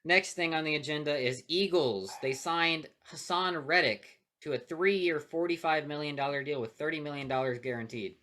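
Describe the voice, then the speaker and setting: Podcast co-host, male, bright forceful tone, opinionated, flares up loud. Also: on the high side, moderate pace, hardly any pauses. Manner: opinionated, loud outbursts when riled. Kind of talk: casual sports chat.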